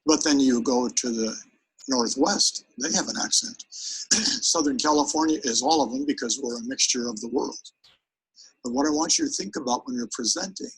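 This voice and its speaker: Energetic and demonstrative, this man leads a live sales presentation training seminar, addressing the audience head-on like a coach running a workshop. His medium-pitched voice is gravelly and rough at the edges, he often turns toward the crowd, and the recording is low quality.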